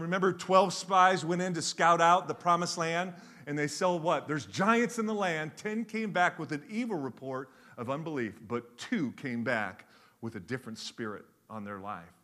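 A middle-aged man, preaching a sermon with animated, joking storytelling. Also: on the high side. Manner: animated storytelling with jokes, varied pace. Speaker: pastor.

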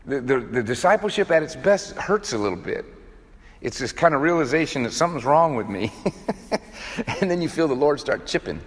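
Male preacher, fairly high voice, emphatic, restarts often, echoing church hall. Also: lively intonation, fairly quick. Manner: emphatic, repetitive restarts, acts out quoted voices. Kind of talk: sermon. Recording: long hall reverb.

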